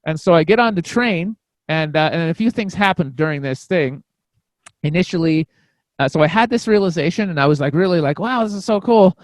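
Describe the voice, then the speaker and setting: A comedian on a podcast telling a story in a casual, rambling way, full of fillers and restarts. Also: male voice, on the high side, animated, brisk, no room sound. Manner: acts out quoted voices.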